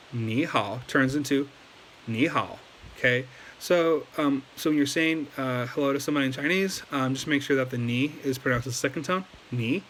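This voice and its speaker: Man, casual language lesson, rambling, fillers, mid pitch, faint hiss. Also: a bit bright. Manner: rambling, lots of fillers and restarts. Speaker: language learning video host. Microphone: desk setup, moves around in his chair.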